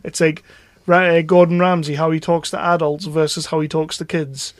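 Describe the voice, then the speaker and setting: A man's voice: on the high side, level tone, moderate pace. A man co-hosting a podcast in casual chat, teasing and laughing often. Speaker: podcast co-host.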